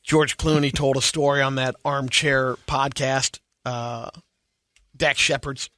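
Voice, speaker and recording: A man hosting a podcast, briskly recapping entertainment news stories in a casual way. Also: medium pitch, level tone, bright, forceful tone, dry recording.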